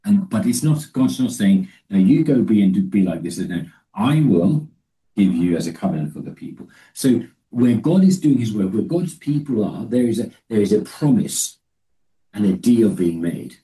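A man preaching a Bible teaching talk in a low, deep voice. His tone is very dark and mellow, picked up from a little way off the mic. He stops and restarts often, and slows down to read scripture with care. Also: expressive, far from the mic, low-quality recording. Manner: halting, with many restarts and fillers; reads scripture slowly and deliberately.

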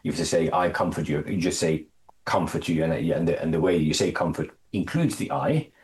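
Low-voiced guy teaching bible study, stumbles n repeats words, gets emphatic on quotes. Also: darkish tone. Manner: halting, repeats words, stresses phrases with rising pitch.

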